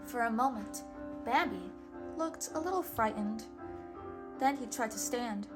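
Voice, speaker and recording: A woman reads a children's storybook aloud at an unhurried, careful pace, each line clear and expressive. Her voice sits a little high for a woman. Soft music plays in the background. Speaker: storybook reader, channel host.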